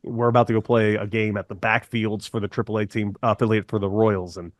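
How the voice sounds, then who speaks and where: A man's voice: on the low side, flat delivery, fast talker, no room sound. A man in his thirties, a former ballplayer, telling a long story casually on a podcast and slipping into voices for quotes. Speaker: podcast guest, former baseball player.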